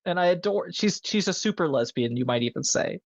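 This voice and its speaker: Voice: mid-range voice, animated, a little fast, no echo. A podcast co-host in a casual film discussion, talking with enthusiasm and rambling with many fillers. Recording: dull lo-fi dry recording.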